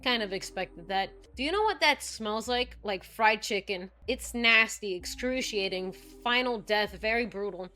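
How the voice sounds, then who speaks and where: A woman's voice: medium pitch, moderate pace, few pauses, bright, forceful tone, faint music behind. A woman playing a visual novel aloud, reading and reacting in a playful, flirty, giggly way. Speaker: let's-play host.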